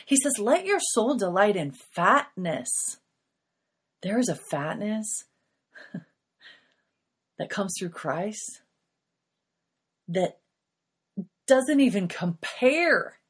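A middle-aged woman speaks in an earnest, confessional tone as she hosts a podcast and gives a personal Christian testimony. Her voice is soft and breathy, at a middle pitch. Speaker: podcast host.

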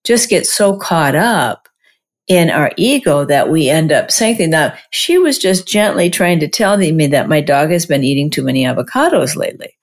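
A woman's voice: deep voice, expressive, normal speed. A woman co-hosting a casual, reflective conversation, rambling with many restarts and fillers.

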